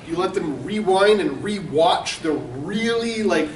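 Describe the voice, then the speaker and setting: A man's voice: sits high, animated, measured pace, a little hiss or hum. A man running a convention's charity auction, telling crude, mocking stories to a live room. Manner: brash, mocking, storytelling with laughs. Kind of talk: crude comedic auction warm-up. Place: convention hall. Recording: echoey hall recorded from far off.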